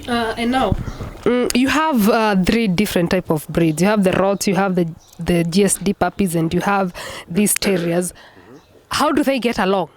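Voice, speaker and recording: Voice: medium pitch, normal speed, slight background noise. An interviewer asking a dog owner questions in a casual, encouraging way. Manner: encouraging, lots of short acknowledgements.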